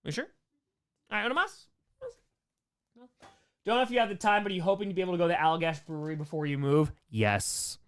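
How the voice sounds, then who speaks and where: A man hosts a casual livestream Q&A, reading chat names and riffing with loose, rambling jokes. His voice sits a bit high and sounds smooth and clear. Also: fast talker, pauses often. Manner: rambling, jokey, answers chat names aloud. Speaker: streamer host answering chat.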